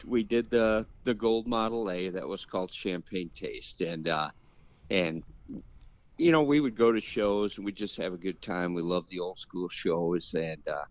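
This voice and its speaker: Deep-voiced man telling a yarn. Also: a little slow, no echo, highs cut off. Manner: rambling anecdotal, chuckles often. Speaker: guest car builder. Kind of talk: casual storytelling.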